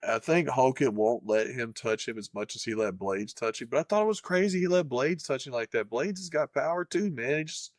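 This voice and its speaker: A male podcast host talking casually and profanely, animated and quick to slip into mock voices. His mid-range voice is close to the mic and dry, with no room sound. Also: medium pitch, no echo. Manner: profane, animated, jumps into playful impressions. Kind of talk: casual chat.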